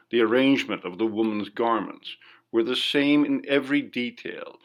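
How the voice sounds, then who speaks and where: A man reading a classic ghost story aloud in measured, dramatic narration. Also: medium pitch, a bit bright. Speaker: audiobook narrator.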